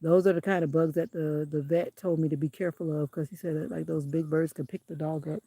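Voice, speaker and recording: A woman's voice: deep voice, steady tone, fairly quick, mellow, a little hiss or hum. A woman vlogging casually while walking her dog outdoors on a country road, chatting and giving the dog firm commands. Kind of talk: casual walking vlog commentary.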